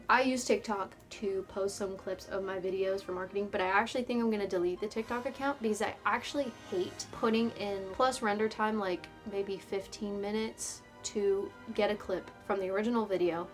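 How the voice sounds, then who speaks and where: A woman's voice: medium pitch, a little fast, hardly any pauses, faint music behind. A young woman ranting through a video essay commentary, sarcastic and exasperated, with some swearing.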